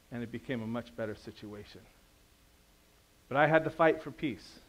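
A pastor preaching a sermon in a conversational, storytelling way, asking the audience questions and swinging between quiet and loud. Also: male voice, mid-range voice.

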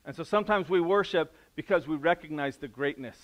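A man's voice: on the high side, brisk, lo-fi sound. A middle-aged man preaching a sermon as pastor, in a casual, conversational way. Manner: casual, conversational preaching with restarts and acted-out quotes; drops to a soft, quiet voice in prayer.

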